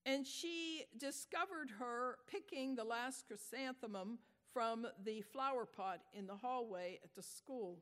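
A woman preaching a sermon, praying and telling a story in a gentle, prayerful way. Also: on the high side, unhurried, few pauses. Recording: echoey hall.

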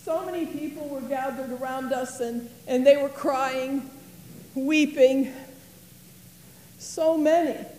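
A grieving biblical sister, earnest and emotional, played by a woman in a first-person stage monologue. Her high voice moves slowly. The sound is roomy, with a long hall reverb. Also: fairly even intonation, mellow. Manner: earnest and emotional, dwelling on words. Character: grieving woman, sister of Lazarus, fond of tidiness.

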